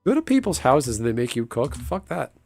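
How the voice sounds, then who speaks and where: A man's voice: medium pitch, big pitch swings, fairly quick, gravelly, darkish tone, no echo, clean studio sound, soft background music. A man streaming a game and chatting casually, rambling, swearing freely and laughing often. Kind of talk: casual chat while gaming.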